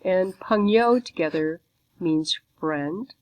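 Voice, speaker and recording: A woman's voice: fairly low pitch, measured pace, no echo, low-quality recording. A woman teaching a beginner Chinese lesson, walking through a textbook page by page in a patient, explanatory way.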